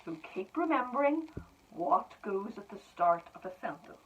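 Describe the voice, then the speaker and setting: A female primary school teacher dictates spelling sentences one word at a time, offering encouraging praise. Her mid-range voice is sing-song and fairly bright, at a normal speed. The dull lo-fi recording sounds distant, with slight background noise.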